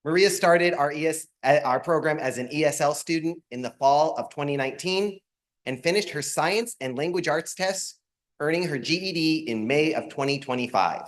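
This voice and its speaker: A man's voice: on the high side, normal speed. A man introducing graduates at a ceremony, with light joking asides between the formal parts. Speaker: program staff presenting graduates.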